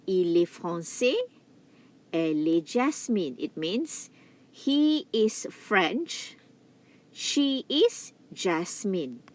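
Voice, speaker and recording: Middle-aged woman, French lecturer, slow patient delivery with a lively, rising and falling pitch. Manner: slow, repeats French words with careful stress. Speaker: French teacher. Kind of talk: classroom lecture.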